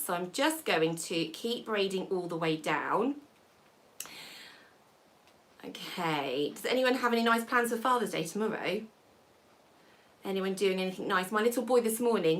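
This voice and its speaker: A woman, hosting a live hair tutorial and chatting with viewers as she works. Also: mid-range voice. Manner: chatty, warm asides to viewers while working. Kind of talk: live-stream hairstyling tutorial chat.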